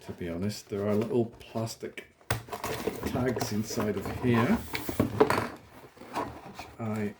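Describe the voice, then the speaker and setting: A man hosts a casual, chatty toy unboxing from his small home office, poking fun at himself while working with his hands. His voice is lowish, steady and slow with frequent pauses, and the recording is very noisy.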